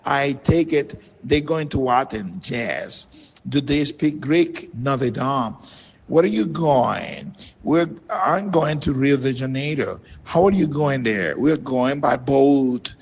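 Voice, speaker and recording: Man, English teacher, husky voice, creaky, reading word drills deliberately. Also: mid-range voice, lively intonation. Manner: slow, deliberate, repeats words for practice.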